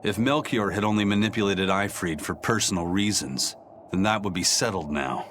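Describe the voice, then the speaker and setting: A man voicing a gruff, stern fighter. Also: lowish voice, moderate pace, slight background noise, lightly acted. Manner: gruff, calm, matter-of-fact. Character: stern, steady seasoned male fighter. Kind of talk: game voice acting.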